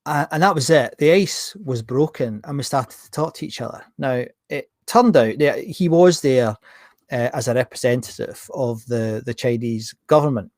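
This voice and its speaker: Man, middle-aged, podcast host, casual storytelling, medium pitch, dry room. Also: moderate pace, no room sound. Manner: animated, acts out dialogue in anecdotes.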